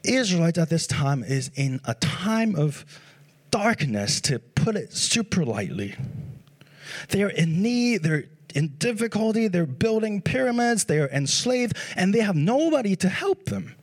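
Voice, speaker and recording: Brief: a high-voiced male preacher with a lively, swooping delivery, posing rhetorical questions. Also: unhurried. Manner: animated, asks rhetorical questions. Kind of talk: sermon.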